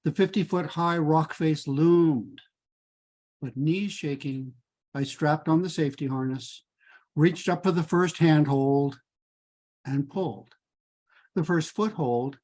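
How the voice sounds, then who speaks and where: An older man reads his own personal story aloud. His voice sits a little high, and he takes his time over every phrase. He reads in a measured, deliberate way. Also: a little mellow.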